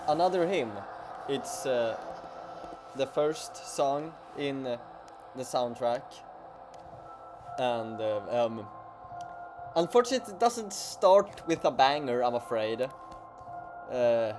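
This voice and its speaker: A man with a Swedish accent chatting casually on a livestream as a streamer, halting and stammering with many restarts. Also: medium pitch.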